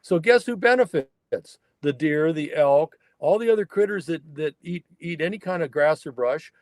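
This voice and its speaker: A man's voice: on the high side, expressive, normal speed, a little mellow, no echo, clean studio sound. An older man from the Northern California mountains, telling stories in a folksy, emphatic way as an interview guest. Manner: folksy, emphatic, acts out dialogue in anecdotes. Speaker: guest, wild horse fire researcher. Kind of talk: conversational storytelling interview.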